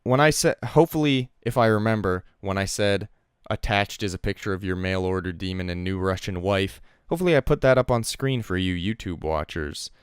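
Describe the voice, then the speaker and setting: A man's voice: deep voice, brisk, smooth, dry recording, studio quality. A man co-hosting a casual comedy podcast, reading emails aloud with amused laughter. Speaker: podcast co-host.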